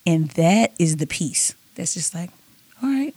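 Woman guest, middle-aged, expressive storyteller, low voice, dry close sound. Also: unhurried, dry recording. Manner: animated storytelling, acts out dialogue, laughs often. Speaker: guest, author and speaker. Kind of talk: faith podcast conversation.

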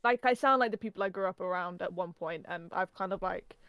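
A woman's voice: lowish voice, clean tone, no echo, dull audio. Chatty young Englishwoman, dry close sound. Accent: English, softened Norfolk. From England. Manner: chatty, lots of "like", quick to laugh. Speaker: podcast co-host. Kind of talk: casual podcast chat.

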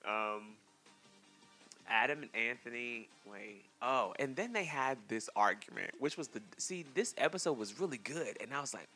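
A man hosting a casual podcast, recapping a reality show in an animated, slangy way and acting out his own reactions. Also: mid-range voice, husky, faint music behind. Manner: animated, laughing, acts out reactions in quotes; slangy, drawn-out storytelling. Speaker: podcast host.

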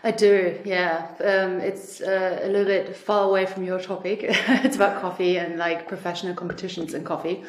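A woman's voice: fairly low pitch, flat delivery, moderate pace, hardly any pauses, reverberant. A young woman from Germany with a German accent touched by Australian English, chatting casually as a podcast guest and laughing often. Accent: German, with some Australian influence. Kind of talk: casual chat.

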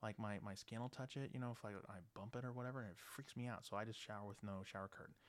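A man's voice: lowish voice, steady tone, racing, natural voice. A teen girl, careless and unbothered, rambling, man puts her on. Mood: nonchalant.

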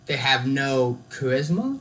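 A young man joking and laughing in a relaxed casual chat with a co-host. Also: medium pitch, unhurried, a loud crowd, low-quality recording.

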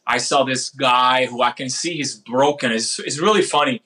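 A man's voice: medium pitch, moderate pace, pushed and bright. A man telling a story in casual conversation, with frequent restarts and fillers. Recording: voice a bit far from the mic.

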